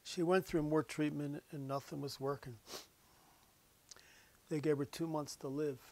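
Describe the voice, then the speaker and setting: Folksy storytelling pastor, higher voice. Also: male voice, fairly even intonation, measured pace, long pauses. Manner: drops to a hushed whisper for solemn moments. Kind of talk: storytelling meditation.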